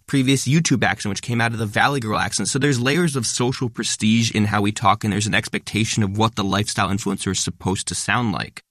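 Fast-talking male creator, low-ish voice, dry close sound, emphatic explainer. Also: steady tone, a bit bright, dry recording. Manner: fast-talking, explanatory, stresses many words. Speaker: guest, content creator. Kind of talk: conversational interview.

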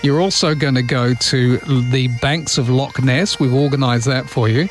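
A man hosting a radio show, bantering casually and slipping into quick celebrity impressions. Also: medium pitch, steady tone, faint music behind. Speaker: radio host. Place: radio studio.

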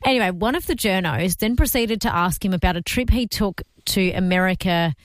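A woman's voice: medium pitch, brisk, no room sound. A woman co-hosting a breakfast radio show, telling news stories and reading out listener votes. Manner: storytelling, reads listener votes and texts. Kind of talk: casual on-air banter. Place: radio studio. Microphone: studio microphone.

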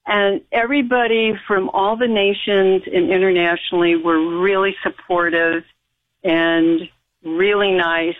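A woman's voice: mid-range voice, fairly even intonation, measured pace, slight background noise. American woman guest on a tinny phone line, emphatic, rambling storyteller. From United States. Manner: rambling, emphatic, with frequent restarts and laughs. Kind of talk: recounting a personal story in conversation.

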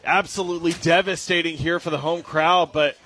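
Man, young, post-game sports commentary, slightly high voice, upbeat, self-correcting. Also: fairly even intonation, a little fast, pushed and bright, a little hiss or hum. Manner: upbeat, joking, with verbal slips and self-corrections. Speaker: play-by-play commentator.

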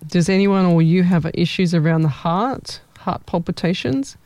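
A rambling woman giving live-stream medium readings in a warm, mellow voice. Her tone is smooth and clear, recorded dry and close with no room sound. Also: lowish voice, moderate pace, no echo. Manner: chatty and rambling, repeats words. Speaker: psychic medium host.

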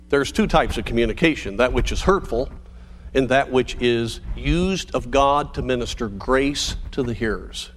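A pastor delivering a sermon to parents in an earnest, measured way, slowing down on key phrases for emphasis. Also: male voice, mid-range voice, a little hiss or hum.

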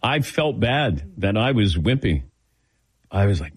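Speaking in a lowish, husky voice at a measured pace, an older sports radio host shares casual anecdotes. He acts out every quoted exchange with animation.

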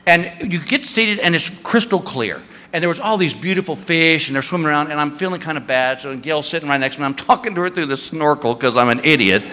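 A male stand-up comedian tells a story at a live show in a reverberant hall, acting out the voices of its characters. His voice sits on the high side with a sharp tone and lively intonation, and he talks fast with few pauses.

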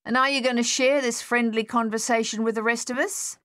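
A woman voicing a gruff, sarcastic older army captain who snaps out his orders. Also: a little high, steady tone, a little fast, a bit bright, pitched above the performer's own voice, lightly acted. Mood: brusque. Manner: snapping, sarcastic.

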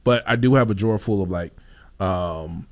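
A man chatting casually on a podcast, telling a funny story with lots of laughter and self-interruptions. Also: moderate pace. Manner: laughing storyteller, jumps into high put-on voices. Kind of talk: casual chat.

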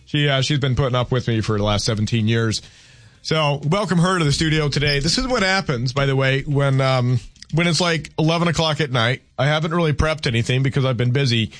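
A man's voice: medium pitch, a little fast, no room sound. A man hosting a call-in radio talk show in a studio, chatting casually and rambling with self-deprecating humor. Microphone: studio mic.

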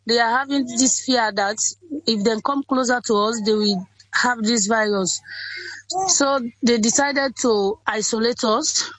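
A woman in her twenties with a Sierra Leonean accent, telling her story in an interview in simple, halting sentences that often repeat. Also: on the high side, fairly bright tone, no room sound, low-quality recording. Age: 20s. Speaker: interviewee, Ebola survivor. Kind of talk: interview over a phone or call.

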